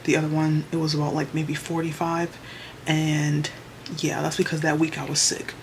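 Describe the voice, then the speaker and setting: A young woman vlogs casually from her small bedroom office, upbeat and chatty and saying "y'all." Her voice sits low and monotone at a normal speed, caught on a camera mic with music playing underneath and slight background noise.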